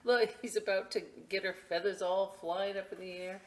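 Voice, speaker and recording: A woman reading picture books aloud at a library storytime, expressive and adding friendly asides for children. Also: medium pitch. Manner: slow, expressive, chatty asides to kids.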